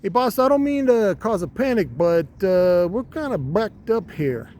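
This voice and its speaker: A pushy little New York thug of a testicle, as a man puts him on. He squeaks high and keeps wheedling and nagging for attention, with a faint hum of ambience behind. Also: animated, normal speed, darkish tone. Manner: wheedling, nagging, calls narrator boss.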